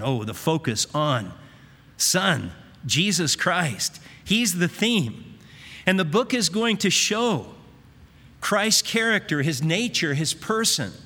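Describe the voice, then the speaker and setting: A man preaching an expository sermon, earnest and emphatic, reading scripture slowly. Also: on the high side, bright, forceful tone. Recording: reverberant hall.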